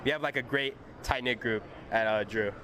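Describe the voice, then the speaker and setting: A man's voice: medium pitch, normal speed, pushed and bright, slight background noise. A teenage boy golfer answering interview questions casually and a bit hesitantly, outdoors at a golf course. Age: teens.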